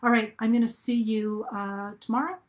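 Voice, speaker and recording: A woman's voice: fairly high pitch, steady tone, normal speed. A middle-aged woman hosting a live video talk to her viewers, earnest and thinking aloud, with restarts and fillers. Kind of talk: casual live-stream talk.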